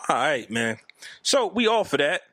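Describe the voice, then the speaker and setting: Lively, bright-voiced man co-hosting a podcast. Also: fairly high pitch, normal speed, no echo. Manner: animated, playful, teasing. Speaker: podcast co-host. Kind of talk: casual chat.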